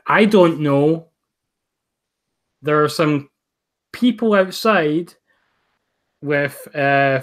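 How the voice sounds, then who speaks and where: A man playing a tabletop role-playing game, speaking hesitantly with many pauses. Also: a little high, a bit bright. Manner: hesitant, halting. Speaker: player. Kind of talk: casual tabletop role-play chat.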